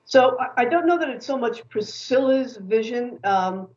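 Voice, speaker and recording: A woman author speaking as an interview guest, lively and opinionated as she tells her stories. The sound is a little dull and muffled, as if it came through a lo-fi link. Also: fairly high pitch, moderate pace. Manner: animated, opinionated storyteller.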